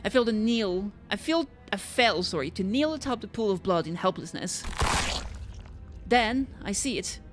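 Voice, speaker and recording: A woman's voice: mid-range voice, expressive, normal speed, background noise. A woman streamer reading a game's story aloud, sometimes stumbling and correcting herself.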